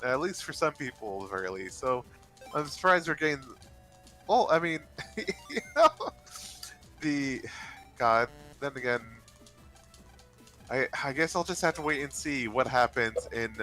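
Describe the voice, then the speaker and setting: A man's voice: medium pitch, animated, measured pace, pauses often, sharp tone, soft background music. A man chatting casually over a game, rambling hesitantly with many fillers. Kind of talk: casual gaming chat.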